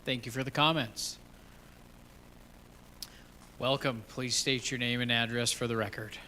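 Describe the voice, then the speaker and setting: Casting: bright, sharp male chair with brief formal calls, hall reverb. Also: medium pitch, steady tone, a little slow, slight background noise. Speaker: meeting chair. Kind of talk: chairing a public meeting.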